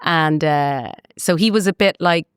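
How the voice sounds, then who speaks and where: A middle-aged Irish woman, a chef, chatting in an interview, talkative and quick with asides. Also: low voice, clear, resonant tone, dry recording, studio quality. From Ireland. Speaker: chef and guest. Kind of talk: casual interview chat.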